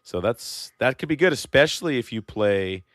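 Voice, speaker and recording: A man's voice: mid-range voice, lively intonation, moderate pace, fairly bright tone, dry recording, clean studio sound. A man with a Midwestern accent co-hosting a podcast, chatting casually and joking as he thinks aloud. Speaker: podcast co-host. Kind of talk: casual chat about a card game.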